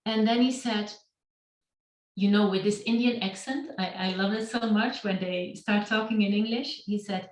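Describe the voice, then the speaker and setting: A woman's voice: mid-range voice, fairly even intonation. A middle-aged woman, speaking on a video call, giving a reflective talk about her own life to a meetup. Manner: slow, reflective storytelling. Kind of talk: personal storytelling talk. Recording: roomy and distant from the mic.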